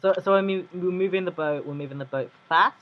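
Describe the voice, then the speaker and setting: A hesitant player stumbles through ideas with many fillers and restarts, in a mid-pitched voice. The audio is muffled and lo-fi. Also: fast. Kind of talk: casual tabletop play chat.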